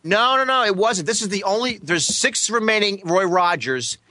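Deadpan podcast cohost, kinda high bright voice, dry close mic. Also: male voice, normal speed, dry recording. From New Jersey. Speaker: podcast co-host. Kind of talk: casual chat.

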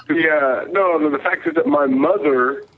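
A man's voice: a little high, normal speed. Southern man calling in by phone. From Texas. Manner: profane, storytelling with mocking quotes. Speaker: caller. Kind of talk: casual call-in chat. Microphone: phone line. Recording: lo-fi phone-in audio.

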